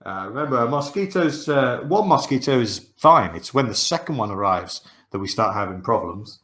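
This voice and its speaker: A man's voice: medium pitch, expressive, moderate pace, a bit bright. A man hosting a board game show over a video call, patiently explaining the rules with frequent "uh" fillers. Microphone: video call mic.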